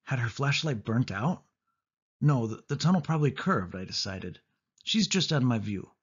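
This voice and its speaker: A man reading a children's storybook aloud in steady first-person narration. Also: mid-range voice, normal speed, slightly rough. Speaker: audiobook reader. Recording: dull lo-fi audio.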